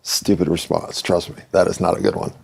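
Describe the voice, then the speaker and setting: A low, gravelly male voice, a little mellow with a breathy edge, moves briskly and with fairly even intonation. He's an American hosting a solo podcast, rambling through philosophical, self-mocking reflections.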